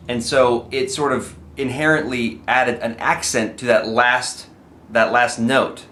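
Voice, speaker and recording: A man's voice: mid-range voice, normal speed, fairly bright tone. A man teaching how to write comedy lyrics in a friendly, explanatory video lesson, with the odd "uh" and "um". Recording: echoey room, faint music.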